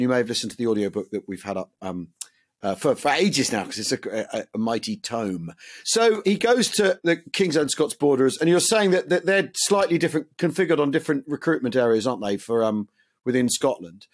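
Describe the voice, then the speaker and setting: A man hosts a casual history podcast, chatty and lively. His voice sits at a middling pitch, and he laughs easily between points. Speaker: podcast host.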